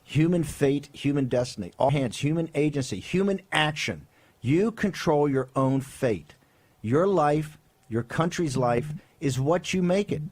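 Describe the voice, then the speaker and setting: A man's voice: a little high, lively intonation, unhurried, a little mellow. A man hosting a political talk show, delivering fiery commentary, emphatic and rhetorical, with frequent tag questions. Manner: emphatic, rhetorical, keeps asking "right?".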